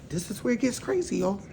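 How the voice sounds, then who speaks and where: A woman's voice: medium pitch, very animated, moderate pace, background noise. A woman in casual storytime vlog style, animatedly acting out both sides of an argument. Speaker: storytime vlogger.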